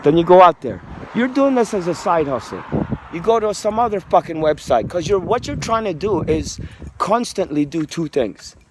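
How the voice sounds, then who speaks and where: A man's voice: high-pitched, very animated, normal speed, noisy background. A man vlogging outdoors on a residential street into a handheld phone, talking in a rambling, profane, street-casual way. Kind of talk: casual walking vlog rant.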